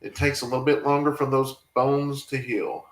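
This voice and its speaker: A man's voice: medium pitch, level tone, moderate pace, roomy sound, poor audio. Man chatting through viewer comments. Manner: rambling, emotional, talks back to viewer comments. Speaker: family farm vlogger reading live chat. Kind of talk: casual live-stream chat.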